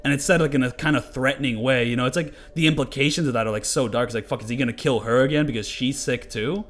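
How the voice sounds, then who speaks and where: A man's voice: medium pitch, fast, fairly bright tone. A young man talking loosely over gameplay as a commentator, rambling and swearing, with many filler words. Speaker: gaming commentator. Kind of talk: casual game commentary.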